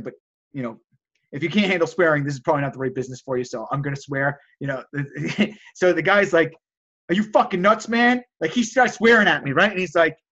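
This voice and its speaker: A man coaching resellers in a casual motivational talk, energetic and repeating key phrases for emphasis. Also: on the high side, lo-fi sound.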